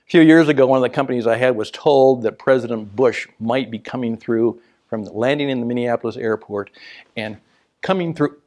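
A man giving a storytelling business talk as a motivational speaker, animated and laughing at his own stories, dropping to a hushed whisper to make a point. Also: medium pitch, a little fast.

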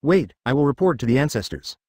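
A man reading the lines of a proud, blunt male witch warrior in an even, machine-like way. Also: mid-range voice, quick pace, no echo, clean studio sound.

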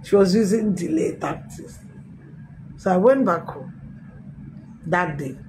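A middle-aged woman pastor, telling her testimony in a sermon with emphatic, animated storytelling. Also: fairly low pitch, slow, slight background noise, low-quality recording. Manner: storytelling with acted quotes, emphatic swings. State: recovering from a tooth extraction.

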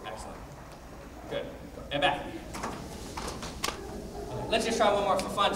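Brisk male karate instructor in echoey hall. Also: high voice, sing-song. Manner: brisk coaching with called-out drill counts. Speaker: martial arts instructor. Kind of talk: teaching a training class. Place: martial arts training hall. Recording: echoey hall, distant mic, background noise.

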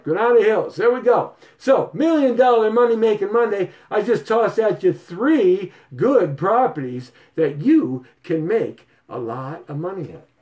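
A man hosting a real estate show, talking to viewers in a playful, showy sales pitch full of sing-song repeats and stutter gags. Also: a little mellow.

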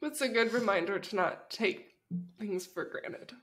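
A young woman co-hosting a podcast, gently reassuring her mother in a soft voice. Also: mid-range voice, animated, measured pace, slight background noise. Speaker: podcast co-host, daughter. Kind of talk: podcast conversation.

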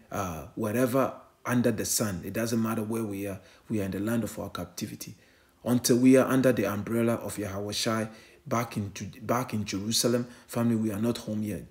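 A man's voice: lowish voice, a little mellow. A man preaching an online sermon in a fervent, repetitive way, often asking "eh?" and addressing listeners as family.

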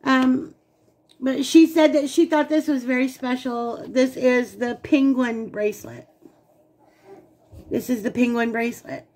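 A woman's voice: high voice, steady tone, unhurried, darkish tone. A woman co-hosting a casual unboxing vlog, gushing and talking straight to her viewers. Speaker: channel co-host.

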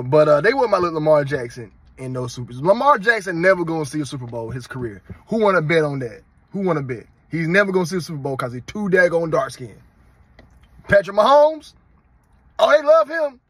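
A man from North Carolina with a Southern accent, hosting his own vlog in a casual, animated, mocking ranting style. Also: high-pitched, husky, no echo. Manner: animated, mocking, emphatic rants. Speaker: channel host.

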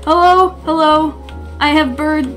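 A woman streamer giving goofy, excitable let's play commentary. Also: high voice, a little slow, soft background music. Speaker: gaming streamer.

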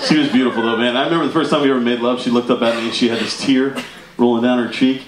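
A man's voice: mid-range voice, fairly even intonation, rapid-fire. Man, stand-up comic, casual storytelling, roomy club sound, audience noise behind. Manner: laughing through punchlines, conversational. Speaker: stand-up comedian. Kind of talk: stand-up routine. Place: comedy club stage. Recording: echoey room with loud audience laughter.

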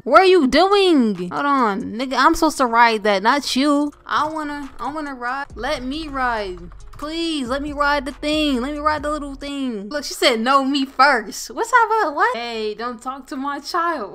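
A woman's voice: high-pitched, fairly bright tone. A young woman giving playful, mock-outraged commentary over her gameplay and laughing often. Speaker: gaming YouTuber.

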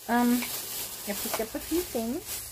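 A woman's voice: fairly high pitch, animated, unhurried, very noisy. A woman vlogger chatting casually to her viewers about her thrift store haul, easily sidetracked and gushing over each find. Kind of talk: casual haul chat to camera.

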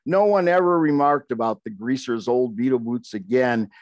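A man's voice: mid-range voice, moderate pace, no room sound. An older man, a poet, reading aloud from his memoir with wry, conversational asides.

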